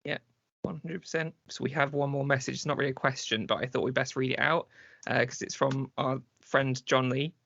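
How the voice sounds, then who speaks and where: Male co-host, gravelly mid voice, jokey, lo-fi audio. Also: medium pitch, fairly even intonation, a little fast, a bit bright, slight background noise. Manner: jokey, reading listener messages. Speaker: podcast co-host. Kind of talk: casual chat.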